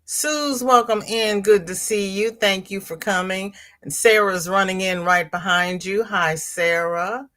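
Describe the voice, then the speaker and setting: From her home, a woman hosts a relaxed livestream, reading out viewer comments and replying in a chatty manner. Her mid-range voice is steady and slightly bright, and she never rushes.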